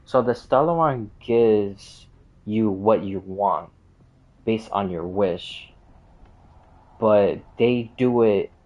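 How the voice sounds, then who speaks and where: A man's voice: on the low side, extremely slow, long pauses, highs cut off. A man explaining game lore in a casual, rambling way, full of fillers and side tracks. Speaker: game streamer.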